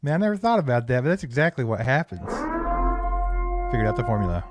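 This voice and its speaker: A man's voice: mid-range voice, very animated, fast talker, very noisy. A man co-hosting a live football draft reaction stream, chatting casually, laughing often and thanking viewers. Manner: laughs often, reads viewer tips aloud. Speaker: co-host.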